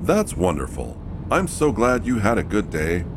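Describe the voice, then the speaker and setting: A woman voicing a kind, cheerful father in a children's story, speaking warmly and sounding pleased. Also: extremely low pitch, sing-song, normal speed, background noise, pitched below the performer's own voice. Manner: warm, pleased.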